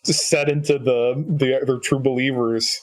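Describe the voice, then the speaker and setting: A man's voice: medium pitch, fairly even intonation, a little slow, poor audio. A man chatting casually as a player in a tabletop role-play game, wry and joking.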